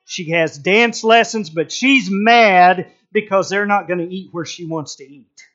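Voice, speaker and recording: A middle-aged man preaches in an animated storytelling way, slipping into acted-out voices. His voice sits a bit high for a man. The recording sounds muffled and lo-fi. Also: measured pace. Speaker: pastor. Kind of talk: sermon.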